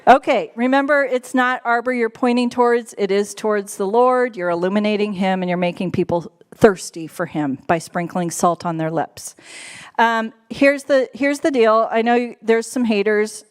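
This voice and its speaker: A woman's voice: a little high, normal speed, clean tone. A woman on a church's staff giving a casual, playful sermon to a live congregation, chatty and laughing often. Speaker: church staff member preaching.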